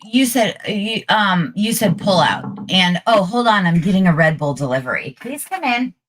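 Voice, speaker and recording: A woman's voice: medium pitch, lively intonation, moderate pace, a little hiss or hum. A middle-aged woman co-hosting a casual talk show, brash and bawdy, cracking jokes. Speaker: co-host.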